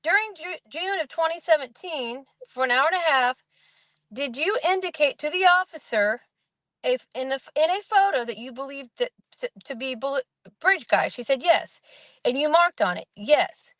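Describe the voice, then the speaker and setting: A woman with a fairly high voice talks casually, rambling as she retells testimony and slips into quoted voices. The sound is dry and close. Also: animated, moderate pace, a bit bright, dry recording, rough recording. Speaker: host recapping a trial. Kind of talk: casual chat.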